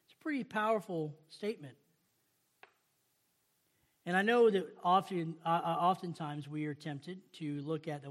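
A man's voice: fairly high pitch, moderate pace, long pauses, fairly bright tone. A male pastor preaching a sermon, reading scripture aloud and asking the congregation rhetorical questions in a conversational way.

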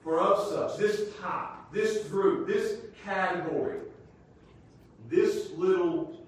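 Male preacher, high voice, emphatic, shouts then drops low; distant mic, big echoey sanctuary. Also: slow pace, slight background noise. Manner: emphatic, swings between shouting and quiet teaching. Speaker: pastor. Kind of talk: sermon. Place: church sanctuary. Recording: echoey church hall from far off.

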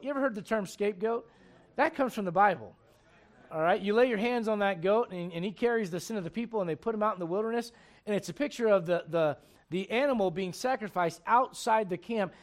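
A man preaching a sermon, chatty and repetitive with asides to the listeners, swinging from hushed tender passages to loud shouting bursts. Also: high voice. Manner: repeats words, folksy asides to the congregation.

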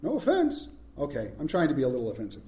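A man pastor preaching a sermon, swinging between loud, emphatic lines and hushed, slow ones. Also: mid-range voice, huge pitch swings, reverberant.

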